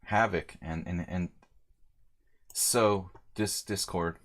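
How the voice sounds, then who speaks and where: Slow and steady, with a deep voice, a middle-aged American streams a live chess game. He works through his thinking out loud, stopping to answer chat with easygoing jokes.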